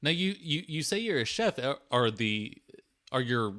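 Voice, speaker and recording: Man, podcast producer, bright sharp voice, mock-earnest, rambling banter. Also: medium pitch, very animated, normal speed.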